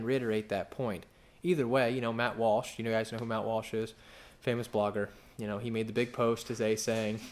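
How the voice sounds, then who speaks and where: A man in his thirties preaching a sermon as pastor, talking conversationally, asking his listeners rhetorical questions, often restarting his sentences. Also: medium pitch.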